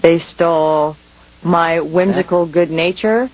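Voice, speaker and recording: Deadpan woman doing standup, slightly muffled tv audio. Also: lowish voice, takes it slowly, no room sound. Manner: dry, deadpan delivery. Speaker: stand-up comedian. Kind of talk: stand-up monologue.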